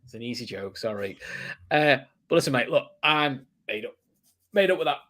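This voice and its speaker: A man's voice: medium pitch, lively intonation, a bit bright. A man co-hosting a football reaction podcast, reading a sponsor ad and chatting casually. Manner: reads the sponsor ad in a quick, chatty way. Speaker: podcast co-host.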